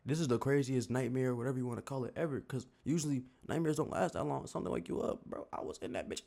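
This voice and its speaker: A man's voice: medium pitch, creaky, a little mellow. A young man with a Southern US accent telling a story in a rambling, slangy way full of filler words. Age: young adult. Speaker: YouTuber. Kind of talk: casual storytelling.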